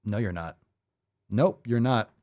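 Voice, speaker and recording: A man's voice: lowish voice, unhurried, darkish tone. A man hosting a fitness show, ranting with profanity, incredulous and full of rhetorical questions. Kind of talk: ranting commentary.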